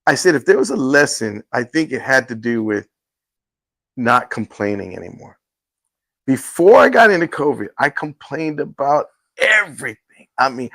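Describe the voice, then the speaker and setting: Fields: Sex: man. Role: talk show host. Style: casual testimony chat. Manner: earnest, halting, acts out quotes. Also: mid-range voice, big pitch swings, vocal fry, a bit bright, dry recording, rough recording. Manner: earnest, halting storytelling with restarts.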